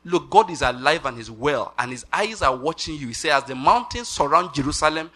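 A middle-aged Nigerian man preaching a sermon with animated delivery, slipping into pidgin asides and laughing. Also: on the high side, a little fast, few pauses.

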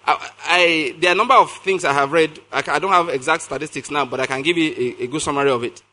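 Guy preaching a sermon, kinda high voice, bright and sharp, reads verses slow then asks the crowd stuff. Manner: reads scripture slowly, then asks the congregation questions.

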